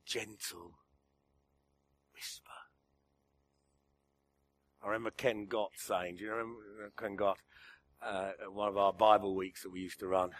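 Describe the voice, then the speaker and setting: A man preaching a sermon, swinging between emphatic lines and a hushed near-whisper, chuckling at his own jokes. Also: lowish voice. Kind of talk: sermon to a church gathering.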